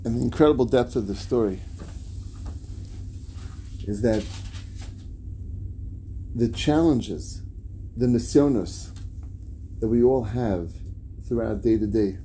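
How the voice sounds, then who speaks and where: A man preaching a sermon, moving between telling a story and earnest, emphatic teaching. His voice is gravelly and mellow, with a faint noise underneath. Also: mid-range voice, takes it slowly, long pauses. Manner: earnest and emphatic, with Hebrew religious terms.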